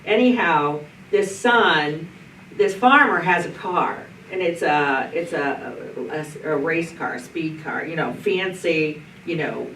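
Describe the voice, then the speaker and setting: A woman's voice: low voice, takes it slowly, fairly bright tone. A middle-aged woman pastor leading a group Bible study, telling stories in a folksy, anecdotal way with frequent restarts. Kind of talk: storytelling in a group discussion. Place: church meeting room. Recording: roomy, distant mic, faint noise.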